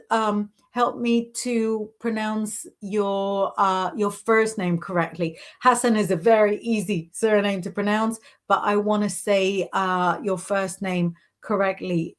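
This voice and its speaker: An unhurried woman with a mid-range voice chats through a live stream, reading out viewers' comments and offering intuitive readings. Her talk is loose and encouraging, sprinkled with "sort of" and "you know". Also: mid-range voice, fairly even intonation.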